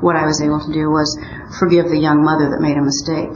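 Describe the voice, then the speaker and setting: A woman's voice: sits low, little pitch movement, fast, a little hiss or hum. Older Midwestern woman sharing her story. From Omaha, Nebraska. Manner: earnest storytelling with wry humor. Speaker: speaker at a recovery meeting. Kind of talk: personal recovery share. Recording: muffled roomy recording.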